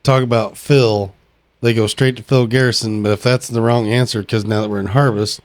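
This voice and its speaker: A man's voice: on the low side, steady tone, no room sound. A man co-hosting a podcast in casual chat, swearing and restarting his sentences. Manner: swearing, halting starts. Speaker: podcast co-host.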